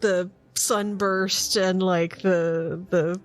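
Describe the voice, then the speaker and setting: A woman game master describing scenes in a tabletop game, in a relaxed, descriptive way. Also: fairly low pitch, drawn-out words, soft background music. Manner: descriptive, relaxed, lots of "like" and "kind of".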